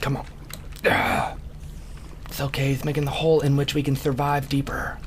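A man's voice: mid-range voice, completely flat delivery, moderate pace, slight background noise. A man giving casual, playful game commentary, goofing around and slipping into silly voices as he plays. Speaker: let's play gamer.

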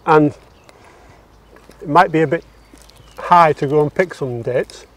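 Joking man with a raised pitch. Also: measured pace, fairly bright tone. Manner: jokey, playful, laughs at his own jokes. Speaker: co-host of a walking podcast. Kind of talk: casual chat. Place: outdoors among palm trees.

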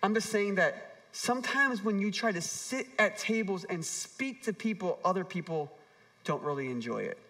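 A male pastor with a high, bright voice preaches a sermon. He leans into storytelling and acts out the voices of the people he quotes. He swings between soft, low asides and lifted, emphatic appeals. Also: expressive, moderate pace, recorded from a distance. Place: church hall with an audience.

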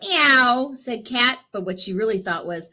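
A woman's voice: medium pitch, normal speed, pushed and bright, husky. A woman teacher reading a picture book aloud to children, chatty and encouraging, asking her listeners questions.

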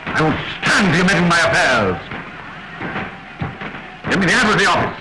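A bullying general with a high, swooping voice that fires off orders fast. He blusters and commands in an early-talkie style. A loud hiss covers the old 1930s film soundtrack. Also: sing-song, roomy sound. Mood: domineering. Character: domineering, blustering general and dictator.

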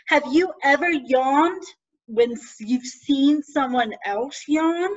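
Woman deacon, children's lesson, gentle and teacherly, high voice, dull lo-fi sound. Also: slow pace.

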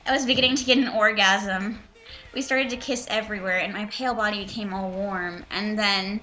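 A woman reads a story aloud over a voice call and mocks it as she goes. Her voice is bright and forward, and her delivery is sarcastic and full of swearing. She is at a middle pitch for a woman. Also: fairly even intonation, a little fast, faint music behind. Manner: sarcastic, swearing, breaks into laughter. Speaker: reader and commentator. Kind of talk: mocking dramatic reading with commentary.

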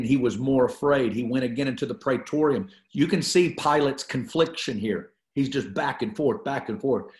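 A man's voice: mid-range voice, reverberant. A man teaching a Bible study, reading scripture aloud and preaching on it with repeated phrases for emphasis. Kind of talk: teaching sermon.

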